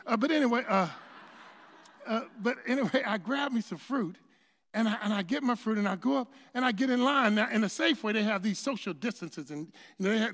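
A man preaching a sermon, telling a personal story in a loose conversational way and building to shouted peaks. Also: high voice. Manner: conversational storytelling with many restarts. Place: church sanctuary. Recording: long hall reverb.

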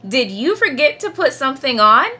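A patient mother frog calling out to her little one and gently scolding, as a woman reads her aloud. Her voice is bright, lively and slow, with a slightly breathy edge. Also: high voice, exaggerated voice. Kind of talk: children's storybook read-aloud.

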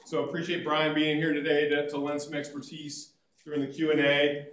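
A man in his fifties gives a casual, joking seminar talk to a room full of people. His voice sits somewhat high for a man. The room is echoey and reverberant around him. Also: monotone, fairly quick, a bit bright, a little hiss or hum. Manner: chatty, joking, self-deprecating. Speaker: financial advisor presenter. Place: meeting room with audience. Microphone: room mic or no mic.

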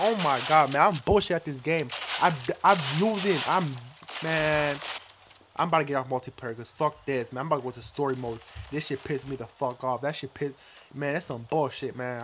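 A man's voice: mid-range voice, background noise. A man giving casual, profane, self-mocking commentary while playing a shooter game. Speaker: gameplay commentator.

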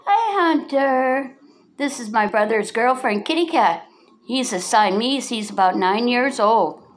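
A woman's voice: on the high side, unhurried, slight background noise. A Canadian woman making a casual home vlog, cooing at a cat in sing-song baby talk. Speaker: vlogger.

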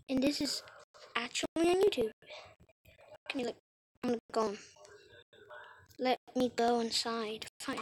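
Slow-talking high-voiced woman gamer. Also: slightly rough, low-quality recording. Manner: playful, teasing and jokey. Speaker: YouTube gamer. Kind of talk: casual gameplay commentary.

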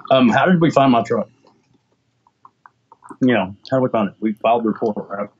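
A man talks in a rambling, emotional way, full of restarts, as an interview guest. His voice sits at a middle pitch, and the audio is slightly dull and lo-fi. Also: brisk, a little hiss or hum. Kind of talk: casual interview conversation.

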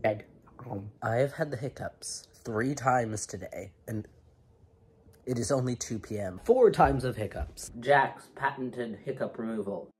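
A man's voice: mid-range voice, unhurried, pauses often, darkish tone, husky. A young man from Ontario with an Ontario Canadian accent, chatting casually in a vlog with wry, rambling, self-mocking asides. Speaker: vlogger.

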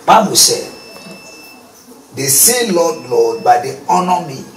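A man's voice: mid-range voice, big pitch swings, takes it slowly, roomy sound, distant mic, slight background noise. A Ghanaian man, a prophet being interviewed, preaching and quoting scripture with rising emphasis.

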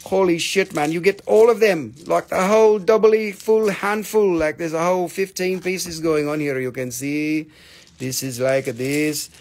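A man's voice: a little high, fairly even intonation, measured pace, a little mellow. A man hosting a live sales stream of stones, joking playfully while he counts pieces aloud and cuts prices. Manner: joking, playful, bursts into song. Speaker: live-stream seller of minerals.

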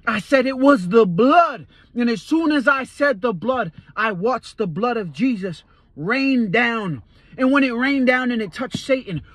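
A Christian man gives a fervent personal testimony, earnestly repeating phrases for emphasis and telling the events as a dream story. His voice is very high and a bit bright, and the recording is dry.

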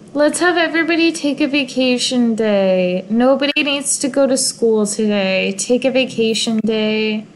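Young woman, video game creator, slightly high voice, slow and emotional, casual play-along commentary, faint background noise. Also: low-quality recording. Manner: gushing and emotional, sighing over sad moments.

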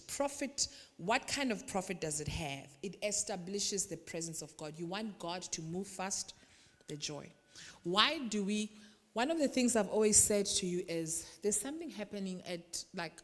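A woman preaching, her delivery animated and theatrical. She drops to near-quiet asides, then rises to loud, emphatic lines, and often mimics the people she is talking about. Her voice carries a long reverb from a large church hall. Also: on the low side. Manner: animated, swings from quiet to loud, acts out congregants. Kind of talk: sermon.

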